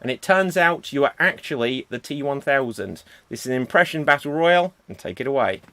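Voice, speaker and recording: A man's voice: mid-range voice, expressive, a little fast, pushed and bright. A man hosting a streamed improv show, announcing games and reading comments. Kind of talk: livestream hosting.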